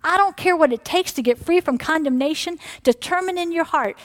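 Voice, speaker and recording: A middle-aged woman preaching a sermon in a high, bright register. She swings between hushed whispers and loud, emphatic cries, acting out the devil's taunts and God's answers. The sound is dry and close, with little room around it. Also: a little fast, hardly any pauses, no room sound.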